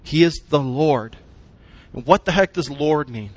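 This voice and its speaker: A man's voice: fairly high pitch, lively intonation, a little slow, husky, no room sound. A man preaching a sermon, emphatic, using short punchy phrases and asking the congregation questions. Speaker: pastor.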